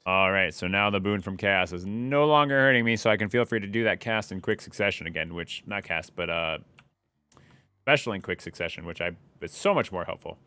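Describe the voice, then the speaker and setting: Humming and jeering at enemies, a young male streamer gives lively, playful commentary as he plays. His deep voice is pushed and bright yet smooth, and he talks a little fast.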